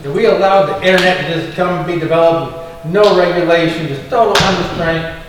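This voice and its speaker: A man's voice: on the high side, fairly quick. A man, a congressional candidate, answering at a forum in an impassioned, fired-up way. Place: large echoey hall. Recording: echoey hall, voice from far off, faint noise.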